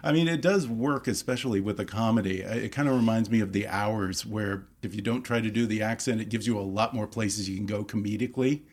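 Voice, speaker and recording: A man's voice: on the low side, a little fast, few pauses, a little mellow, husky. A man hosting a podcast, interviewing two actors in a friendly way and laughing along with them. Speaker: interviewer and ad reader.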